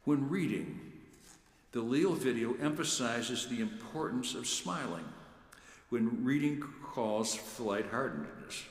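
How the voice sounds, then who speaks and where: A man who serves as a church lector, giving a measured, deliberate talk on how he prepares scripture readings. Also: mid-range voice, lively intonation. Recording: echoey room with long reverb.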